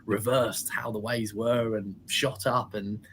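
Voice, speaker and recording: A man's voice: on the low side, little pitch movement, takes it slowly, a little hiss or hum. A man in his twenties from England, chatting casually in a blunt, sweary way and laughing often. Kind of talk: casual chat.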